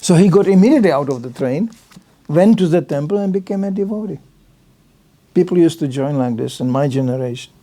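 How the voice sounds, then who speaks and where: Speaking a little fast, this older visiting lecturer delivers a casual religious talk at a temple in a mellow, expressive, slightly high voice. He tells anecdotes with slightly non-native phrasing and voices other people's lines differently.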